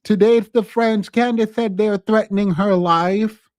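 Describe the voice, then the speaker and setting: High-pitched guy rambling on his live stream, laughing a lot, super dry close mic. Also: steady tone, no echo. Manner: chatty, laughs often, dramatic pauses. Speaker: streamer and commentator. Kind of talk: casual live-stream commentary.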